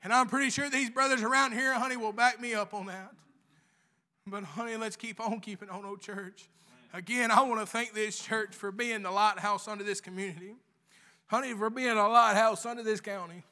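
A man preaching a fervent sermon in church, repeating "honey" over and over and rising into shouts. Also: high-pitched, fairly even intonation, normal speed. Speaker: lay preacher.

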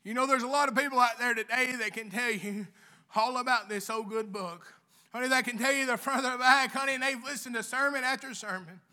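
A man preaching a fervent sermon in church, repeating "honey" over and over and rising into shouts. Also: very high-pitched, a little fast. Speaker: lay preacher.

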